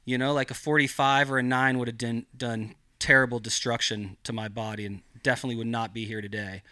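A man's voice: medium pitch, flat delivery, a little fast, bright, forceful tone, no echo, studio quality. A man guesting on a podcast, telling a story in casual style with heavy swearing and lots of rambling filler. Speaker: podcast guest, cannabis grower.

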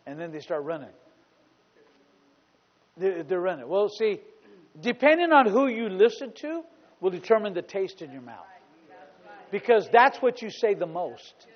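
A man preaching a sermon as pastor, emphatic and repetitive, building up to loud exclamations. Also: high voice, big pitch swings, a little slow, long pauses, in a large hall, dull audio.

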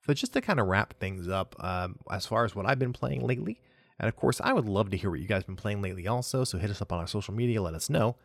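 A man's voice: fairly low pitch, fast talker, vocal fry, no room sound, studio quality. Chatty man hosting a solo podcast. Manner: relaxed and chatty, trails off and restarts, chuckles at himself. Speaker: podcast host. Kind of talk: solo casual gaming news chat.

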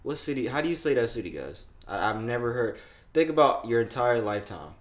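A young man co-hosting a casual podcast, reacting to news stories loudly, swearing and laughing often. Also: medium pitch, lively intonation, fairly quick. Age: young adult. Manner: loud, profane, laughs often. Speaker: podcast co-host.

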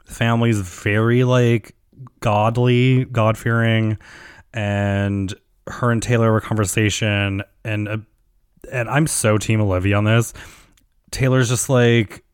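A man's voice: on the low side, flat delivery, a little slow, clean tone, dry recording, studio quality. A man hosting a podcast, recapping a reality show in casual chat, gossipy and swearing, acting out quotes with lots of fillers. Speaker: podcast host.

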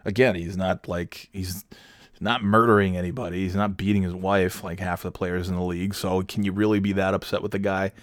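Lowish voiced guy ranting on his show, sarcastic, swears a ton, dry close sound. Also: level tone, brisk, no room sound. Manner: profane, sarcastic, rambling. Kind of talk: casual talk-show rant.

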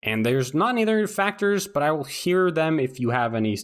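A man narrating as game master of a tabletop role-playing game, relaxed and joking with his players. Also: on the high side, fairly quick. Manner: relaxed, joking, stops to laugh at his own flubbed accents.

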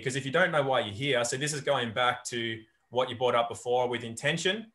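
Man, coach and podcast guest, reflective storyteller, mid-pitched. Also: a little fast, few pauses, sharp tone. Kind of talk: casual podcast conversation.

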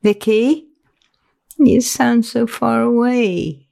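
A woman voicing a kindly older housekeeper, speaking gently and slowly. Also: on the high side, creaky, pitched above the performer's own voice, full character voice. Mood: gentle.

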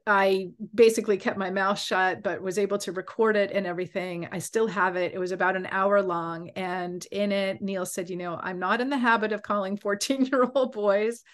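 A woman coach and podcast host telling a personal story in an animated way, acting out the voices of the people in it. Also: mid-range voice, moderate pace, hardly any pauses. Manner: animated, acts out quoted voices.

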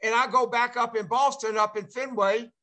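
An older man hosting a casual video call chat, rambling and excitable with lots of uh fillers. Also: extremely high pitch, normal speed. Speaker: show host, former ballplayer.

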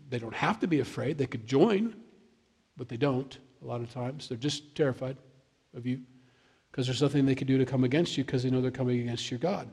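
A man's voice: medium pitch, fairly quick, a little mellow, husky, in a large hall. A man preaching a conversational sermon, reading scripture and then explaining it in plain, earnest words, sometimes restarting a phrase and drawing words out for emphasis.

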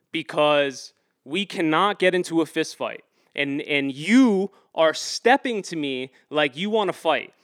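A man tells a story in an interview, rambling with "like" and "um" and getting heated and emphatic as he goes. His voice sits a little high. The sound is close and dry, with no room echo. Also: a bit bright. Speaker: activist guest.

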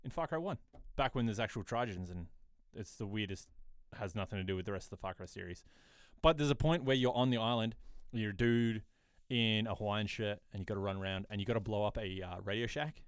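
A man in his thirties co-hosts a podcast in easygoing chat. He is an animated storyteller who keeps jumping into squeaky impressions. His voice sits at an ordinary pitch, and the sound is close and dry. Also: brisk, clean tone, dry recording. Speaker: podcast co-host. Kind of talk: casual chat.

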